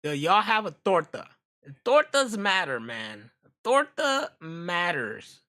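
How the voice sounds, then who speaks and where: Bright-voiced, foul-mouthed man chatting. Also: high-pitched, slow. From United States. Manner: profane, joking, animated. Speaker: live-stream host. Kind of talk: casual chat with viewers.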